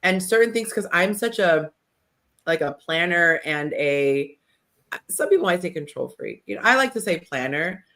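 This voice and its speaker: A woman's voice: on the low side, lively intonation, moderate pace, a bit bright. A woman hosting a casual talk show, chatty and self-deprecating, laughing between thoughts. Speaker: podcast host. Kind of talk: casual chat.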